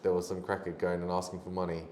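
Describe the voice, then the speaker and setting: A man's voice: sits low, completely flat delivery, quick pace, darkish tone. A man speaking as a podcast guest in loose, rambling casual chat, swearing and laughing often. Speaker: podcast guest, jiu-jitsu athlete. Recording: roomy echo, faint noise.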